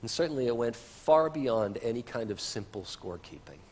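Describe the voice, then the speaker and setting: Husky lively-voiced male pastor. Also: medium pitch, normal speed. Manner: conversational, with casual asides. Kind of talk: sermon. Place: church sanctuary. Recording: reverberant church livestream.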